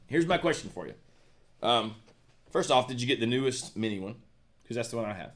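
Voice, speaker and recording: A man's voice: mid-range voice, brisk, long pauses. A man co-hosting a guitar shop live stream, chatting casually about gear and reading viewer comments aloud. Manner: relaxed, rambling, lots of fillers and restarts.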